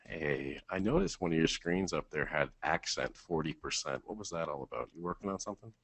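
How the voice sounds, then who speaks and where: Very deep-voiced laid-back co-host man. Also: lively intonation, fairly quick, background noise. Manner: laid-back, teasing, many ums. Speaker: webinar co-host. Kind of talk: webinar Q&A.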